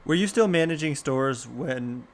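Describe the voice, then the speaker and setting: A man's voice: medium pitch, expressive, measured pace. A man co-hosting a casual interview, easygoing and chatty. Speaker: co-host.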